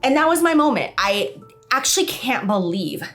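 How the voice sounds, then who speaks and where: A woman vlogger talking in a casual confessional way, emotional and expressive, her voice leaping up in pitch. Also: normal speed, faint music behind. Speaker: beauty vlogger. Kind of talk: casual confessional vlog talk.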